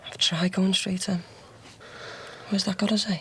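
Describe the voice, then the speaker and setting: A man's voice: high-pitched, little pitch movement, moderate pace, a bit bright, a little hiss or hum. An actor playing a cocky young ex-con who brags about his violent exploits with a swaggering chuckle. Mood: scheming. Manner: boastful swaggering storyteller, chuckling. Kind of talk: TV soap drama.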